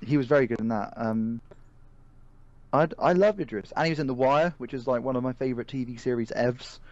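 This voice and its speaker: A man's voice: medium pitch, brisk, darkish tone, dry recording. A man co-hosting a casual podcast chat, rambling and hesitant with many fillers. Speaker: podcast co-host. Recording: dry, dull lo-fi sound.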